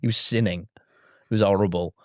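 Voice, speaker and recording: A man telling a comic story on a podcast, animated and giggly, with plenty of exaggeration. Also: on the low side, normal speed, dry recording, clean studio sound.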